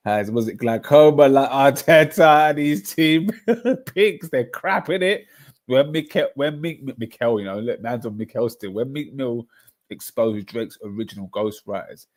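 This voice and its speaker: A young man, chatting casually and rambling through stories on a livestream, full of slang. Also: on the low side. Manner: rambling, animated storytelling with slang. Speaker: livestream host.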